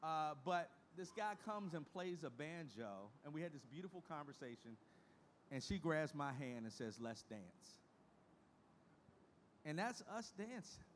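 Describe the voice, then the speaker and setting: Speaking in a medium-pitched voice against slight background noise, an industry association leader in his fifties presents a keynote from a conference stage. His manner is frank and folksy as he moves from statistics to emotional personal stories.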